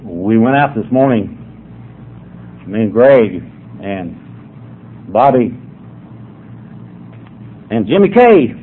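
This older man's husky, fairly low voice swings widely in pitch as he speaks slowly and pauses often. He's a folksy, drawling storyteller entertaining a sobriety meeting with humorous tales, captured on a tinny, phone-like recording with faint noise.

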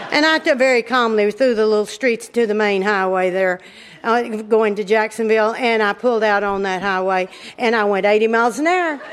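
A middle-aged woman recounts a humorous story from her own life for an audience, against a noisy background. Her voice is high-pitched. She's lively and folksy, drawls her words and frequently breaks into laughter.

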